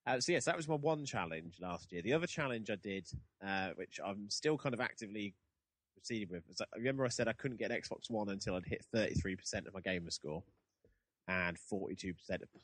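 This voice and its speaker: Chatty man, low and dry. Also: fairly quick, a bit bright, no room sound. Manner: chatty, rambling, self-deprecating. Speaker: podcast host. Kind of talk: casual chat.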